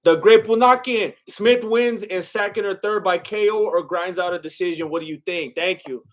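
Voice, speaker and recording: Man, high voice, Mexican-American accent, casual stream chat, rambling, laughs a lot. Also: normal speed, a bit bright. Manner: rambling, laughs often, many fillers.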